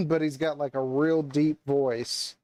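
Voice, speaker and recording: A man's voice: on the high side, expressive, slow pace, darkish tone, poor audio. A young man co-hosting a casual chat, rambling and hesitant with many fillers and restarts. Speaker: podcast co-host.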